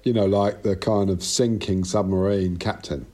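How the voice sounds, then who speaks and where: A man's voice: low voice, fairly even intonation, moderate pace, dark tone. A man talking as an interview guest over a video call, rambling and self-interrupting, swearing freely.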